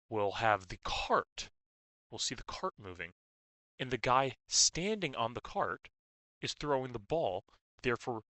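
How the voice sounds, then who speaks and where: A young man tutoring physics, explaining step by step with stop-start phrasing and uneven loudness. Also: on the low side, dry recording, low-quality recording.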